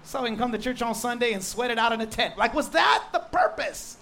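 A male pastor preaching a sermon in a lively, joking way, stressing points with quick repeated restarts. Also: very high voice, slight background noise.

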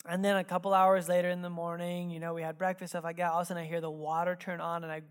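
A woman delivers a sermon like a heart-to-heart, chatty and frank, with plenty of fillers and asides. Her delivery climbs into lively, emphatic stretches, then drops to quiet, hushed reflection. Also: lowish voice, rapid-fire. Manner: conversational, candid storytelling with many fillers. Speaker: pastor.

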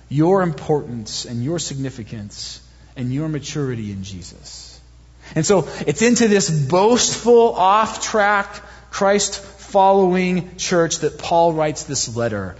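A man in his thirties delivers an animated sermon, his voice pitched high and slightly husky. He builds his points through rhythmic repetition and pokes fun at himself along the way. The sound is dull and carries a long church-hall reverb. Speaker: pastor.

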